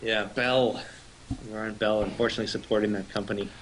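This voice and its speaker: A man's voice: lowish voice, fairly even intonation, brisk, slight background noise, rough recording. A man co-hosting a casual live stream, telling a long rambling story and swearing freely. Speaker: co-host.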